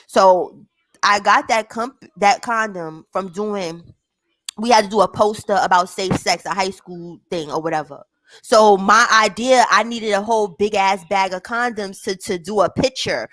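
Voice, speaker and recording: A woman's voice: mid-range voice, unhurried, no room sound. A young woman in casual chat, telling a story with lots of swearing and acting out the voices of her family. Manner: animated, swearing, acts out family members' voices.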